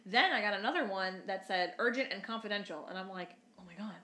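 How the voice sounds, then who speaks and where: A woman's voice: mid-range voice, quick pace, pushed and bright, reverberant, a little hiss or hum. A woman, cohosting a casual chat and telling stories that act out what people said, swearing freely. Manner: swears freely, acts out quotes. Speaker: podcast co-host.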